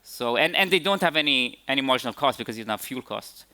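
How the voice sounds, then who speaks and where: Male tech speaker at a conference Q&A; bright voice, halting delivery. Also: medium pitch, lively intonation. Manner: hesitant, many fillers and restarts. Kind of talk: conference Q&A answers.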